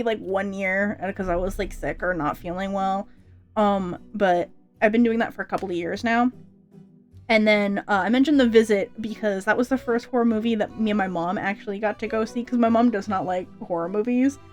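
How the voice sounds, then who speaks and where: A young adult woman chatting casually on a livestream, rambling and chatty with lots of fillers and restarts. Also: mid-range voice. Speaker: streamer debuting a vampire persona.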